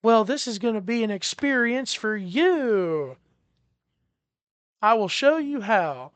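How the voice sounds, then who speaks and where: A game master playing a male flight attendant kept perpetually happy by medication, bubbly and bright-voiced. He turns flustered and apologetic when something confuses him. The voice is crisp and close, with no room echo. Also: mid-range voice, sing-song, takes it slowly. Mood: cheery. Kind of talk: tabletop game role-play.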